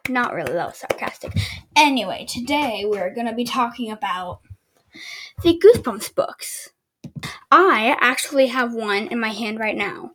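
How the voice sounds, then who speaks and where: A woman's voice: on the high side, animated, moderate pace, fairly bright tone, a little hiss or hum. A woman hosting a casual home podcast, reading a book aloud with stumbles and sarcastic asides. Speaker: podcast host.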